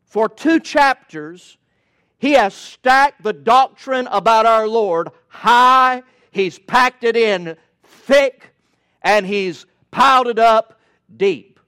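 A man's voice: very high voice, expressive, slow pace, bright, forceful tone, clean tone. A male preacher delivering a sermon in an emphatic, rhythmic cadence with touches of folksy humor.

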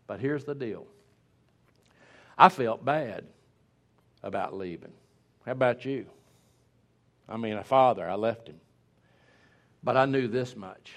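A man's voice: mid-range voice, vocal fry, a bit bright. Man preaching a sermon. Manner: emphatic preaching with repeated words.

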